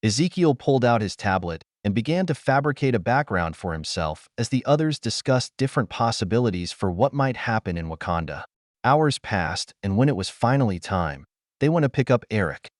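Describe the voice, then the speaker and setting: A man narrating a fan fiction audiobook with steady storytelling. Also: lowish voice, no echo, clean studio sound.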